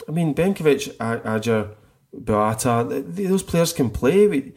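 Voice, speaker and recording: Man, middle-aged, husky voice, eager football chat, rambling restarts. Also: medium pitch, expressive, a little slow, darkish tone. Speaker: podcast co-host.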